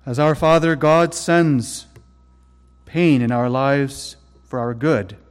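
A man preaching a sermon in an earnest way, dropping to hushed tones and rising to sudden loud emphasis. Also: medium pitch, takes it slowly, smooth, big-room sound. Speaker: pastor.

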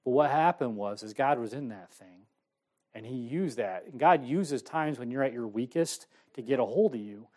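A middle-aged man preaching a sermon, telling his own story with sudden swings between loud and hushed. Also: medium pitch, animated, moderate pace. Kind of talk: sermon testimony.

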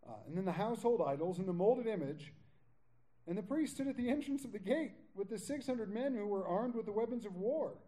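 A pastor with a lively, high male voice teaches a Bible study at a brisk pace, going verse by verse in a conversational sermon. Between readings he tosses in jokey asides and casual paraphrases, and the recording is rough.

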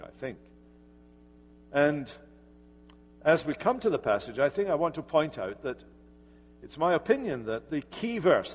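A man's voice: a little high, a little hiss or hum. A man preaching an earnest, emphatic sermon as pastor in a church sanctuary. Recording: church hall reverb.

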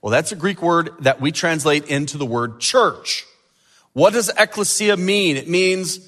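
A man preaching a sermon as pastor, animated and building to emphatic peaks. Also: fairly high pitch, a little slow, long reverb tail.

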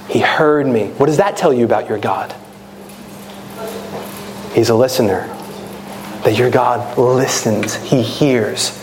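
A man's voice: medium pitch, takes it slowly, long pauses, darkish tone, slight background noise. A man preaching a sermon in an earnest, teaching manner, a parent of children. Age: adult with children. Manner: earnest, rises to impassioned prayer voice.

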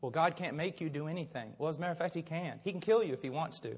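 Rapid-fire and with a breathy edge, an older preacher tells his sermon as an impassioned, fervent story. His voice sits high for a man, and a big church hall carries it with a long, trailing reverb.

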